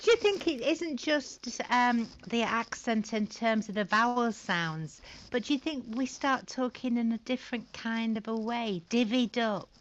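A woman's voice: a little high, measured pace, few pauses, highs cut off. A woman hosting a podcast, chatting casually in a playful, teasing way and calling her guest "love". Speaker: podcast host.

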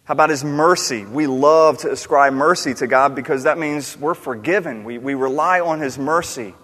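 A man's voice: fairly high pitch, normal speed, fairly bright tone. Earnest guy preaching, asks questions, repeats words for emphasis, long hall echo. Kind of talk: sermon. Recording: long reverb of a large hall.

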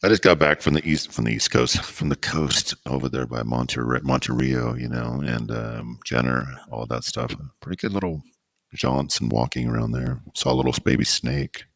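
A man's voice: rumbling low, fairly even intonation, normal speed, vocal fry, a bit bright, dry recording, clean studio sound. A man hosting a podcast in a casual chat, rambling and joking as he gets sidetracked. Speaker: podcast host.

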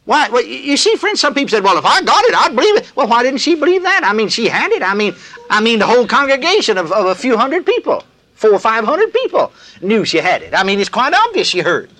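An older man preaches in a folksy, emphatic way. His voice sits high and bright, with a lively rise and fall. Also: fairly quick. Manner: folksy, emphatic, plain-spoken. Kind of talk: sermon leading a call-and-response. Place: large gathering, live recording.

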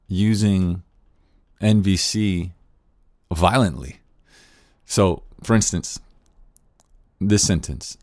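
A man's voice: sits low, a little mellow, no echo, studio quality. A man giving an earnest, casual spoken lesson on nonviolent communication, thinking aloud with frequent restarts.

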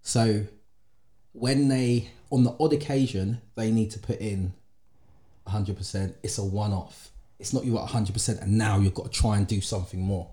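A man in casual conversation, opinionated and thinking out loud with restarts. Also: on the low side, steady tone, moderate pace. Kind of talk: casual chat.

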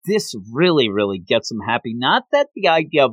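A man co-hosting a podcast, recapping a manga chapter in an excitable, rambling way. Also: mid-range voice, a little fast, no echo, poor audio. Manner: excitable, rambling, acts out quotes. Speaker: podcast co-host.

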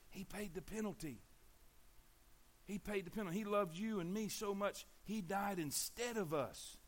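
A man preaching a sermon, emphatic, repeating himself and asking the congregation to answer back. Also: high-pitched. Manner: emphatic, repeats words and asks the congregation for replies. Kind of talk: sermon on sharing the gospel.

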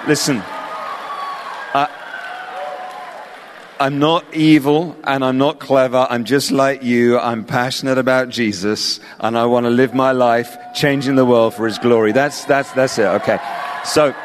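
A man's voice: medium pitch, steady tone, a little slow, a faint crowd, a little hiss or hum. A man with an English accent preaching an evangelistic sermon, impassioned and personal, calling listeners to respond. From England. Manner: impassioned, building to invitation then softening. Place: large hall with live audience. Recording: reverberant hall with music.

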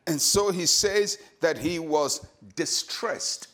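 Older Ghanaian pastor, measured and emphatic. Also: male voice, a little high, fairly bright tone. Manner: measured, emphatic preaching that slows for key lines and leads prayer. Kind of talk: short devotional sermon.

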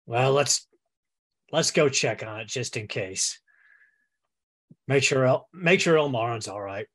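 A man's voice: mid-range voice, animated, unhurried, fairly bright tone. A man playing a tabletop game over a voice call, easygoing and self-mocking. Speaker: player. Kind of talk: casual tabletop game chat.

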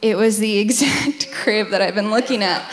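A woman's voice: mid-range voice, moderate pace, in a large hall. A young woman sharing her side of a faith testimony, candid and humorous, telling it like a story. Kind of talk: personal testimony talk.

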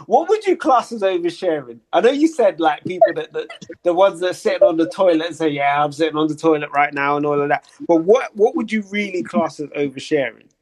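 An emphatic man with a fairly high voice chats casually on a podcast. He presses his points and asks searching questions. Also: animated, fairly quick, darkish tone. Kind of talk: casual chat.

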